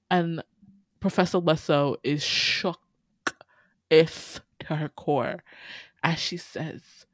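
A podcast host recaps a film in loose, animated storytelling, peppered with swearing and laughter. The voice sits at an average pitch and is recorded close and dry, with no room sound. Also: slow, no echo. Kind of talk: casual chat.

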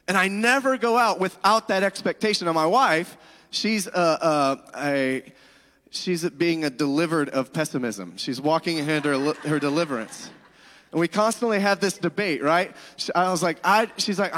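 A man's voice: high-pitched, normal speed, a bit bright, long reverb tail. A middle-aged male pastor preaching a sermon in a conversational way, with asides to the congregation.

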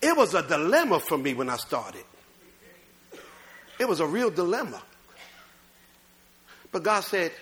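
A man preaching a sermon as pastor, swinging between loud bursts and low asides.

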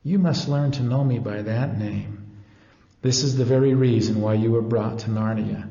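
A man reading the part of a wise, gentle male lion king in a storybook, speaking tenderly. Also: medium pitch, moderate pace, gravelly, natural voice. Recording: echoey hall, dull lo-fi.

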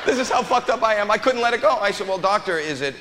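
A man's voice: high-pitched, expressive, fast talker, big-room sound, heavy background noise. A man doing stand-up comedy on a stage, telling a long story with stammered repeats and chuckles. An audience laughs behind him. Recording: live club with crowd.

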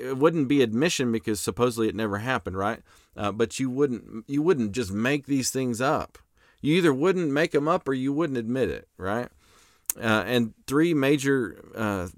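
A man's voice: fairly low pitch, no room sound, clean studio sound. A young man giving a conversational lecture, reading scripture aloud, with frequent fillers and restarts. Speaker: apologetics lecturer. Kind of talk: casual recorded lecture.

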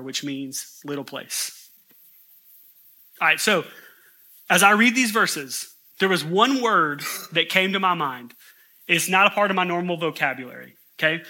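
Animated high-voiced pastor preaching. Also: male voice. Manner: animated, incredulous asides, voices characters when reading. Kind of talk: sermon with scripture reading.

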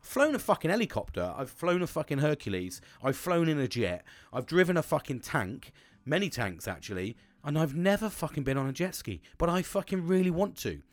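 A man's voice: a little high, very animated, brisk, no room sound. A man in his forties, hosting a casual podcast monologue in a rambling, sweary, self-mocking way. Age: 40s.

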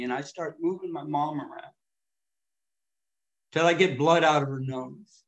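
Man, middle-aged, slightly high voice, recovery speaker, emotional, loud then hushed. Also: fairly even intonation, normal speed, long pauses. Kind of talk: AA share storytelling.

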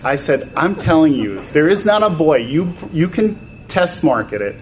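A man's voice: a little high, sing-song, normal speed, a little hiss or hum, low-quality recording. A man, a toy designer, telling stories in conversation and acting out the quoted exchanges with changes of voice. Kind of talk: animated storytelling in conversation.

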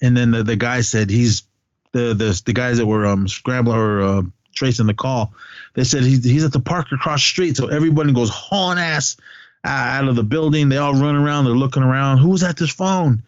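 A man's voice: medium pitch, fairly quick, no echo, muffled recording. A man co-hosting a podcast, giving a rambling, casual movie recap full of restarts and offhand swearing. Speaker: podcast co-host.

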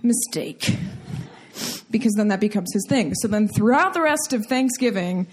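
A woman telling a comic personal story, animated and laughing as she goes. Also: medium pitch, moderate pace.

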